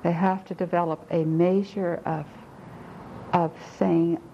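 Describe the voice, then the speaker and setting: A woman leading a reflective group discussion, speaking slowly and thoughtfully, halting and repeating words as she gathers her points. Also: fairly low pitch, little pitch movement. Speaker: discussion leader. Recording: muffled lo-fi tape with faint hiss.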